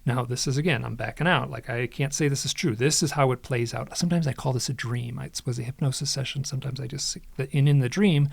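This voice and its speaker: A man's voice: medium pitch, fast, creaky, few pauses, breathy edge, no room sound. A man who is a podcast guest and author, retelling an experience with dramatic quoted dialogue and frequent restarts. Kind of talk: animated storytelling in conversation.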